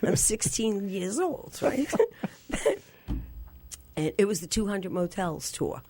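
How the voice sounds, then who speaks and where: A woman, a guest telling a story on a radio show, laughing often and jumping to a squeaky high voice when she plays her younger self. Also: big pitch swings, slow pace, mellow, slightly rough. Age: 60s.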